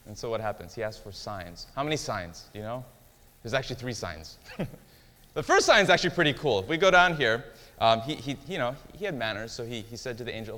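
A man's voice: mid-range voice, expressive, fairly quick, a bit bright. A man teaching a Bible lesson in a casual, conversational way, often quizzing his listeners with questions. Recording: long hall reverb.

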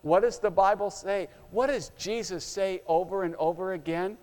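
A man's voice: high voice, steady tone, moderate pace, hardly any pauses, darkish tone. A man preaching a sermon, telling a story dramatically and acting out its scenes. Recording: long hall reverb.

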